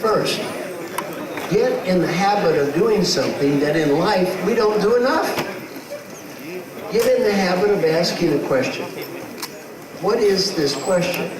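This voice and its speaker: Man coaching a crowd in an echoey hall. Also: high voice. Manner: animated, acts out quotes, rhetorical questions to the crowd. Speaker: leadership coach speaking to an audience. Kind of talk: motivational talk. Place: large hall with a live audience. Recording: echoey hall, far from the mic, noisy.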